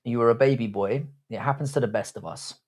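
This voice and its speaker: A man's voice: medium pitch, fast. A young man hosting a live stream, reading out viewer comments and answering them with crude, cocky banter and calling himself "your boy". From Britain. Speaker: livestream host.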